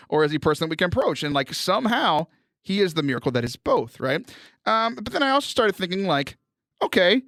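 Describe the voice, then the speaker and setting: A man from Houston, hosting a podcast and chatting casually with animated storytelling and frequent laughter. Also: high-pitched, no echo, clean studio sound. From Houston, Texas. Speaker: podcast host. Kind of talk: casual chat.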